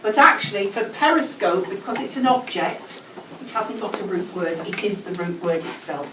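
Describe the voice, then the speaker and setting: An English woman teaching a whole class in a school classroom, giving brisk instructions and repeating key words slowly. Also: medium pitch. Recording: echoey classroom, distant mic, noisy.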